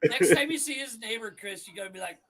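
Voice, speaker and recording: A man with a very high, swooping voice trades loud jokes in casual podcast chat. A thick crowd noise sits behind him. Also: lively intonation, quick pace. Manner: loud joking banter. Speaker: podcast co-host.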